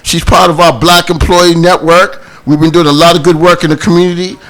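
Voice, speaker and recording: A man with a Boston accent hosting a casual talk show, loud, animated and jokey. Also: fairly high pitch, brisk. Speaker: host.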